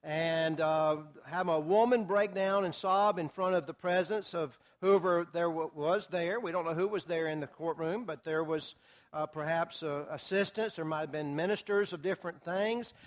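A man's voice: on the high side, moderate pace. A man teaching a Bible study class to a group, talking casually with filler words and acting out quotes. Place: classroom or church hall with a group.

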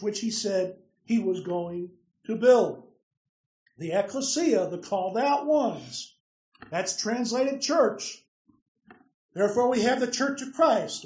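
A man's voice: very high-pitched, darkish tone. A man preaching a sermon, emphatic, putting questions to his listeners and answering them himself. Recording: roomy, distant, dull lo-fi sound.

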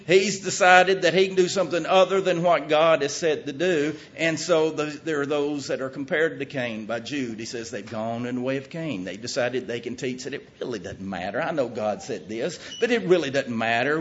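A middle-aged man preaching a sermon in a folksy, emphatic way, with his voice rising to loud peaks. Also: mid-range voice, moderate pace, few pauses. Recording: muffled lo-fi recording.

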